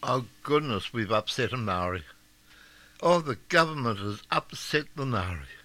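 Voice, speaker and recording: A man's voice: mid-range voice, very animated, measured pace, pushed and bright, no echo. A man hosting talk radio, giving blunt, scornful and mocking opinion commentary. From Scotland.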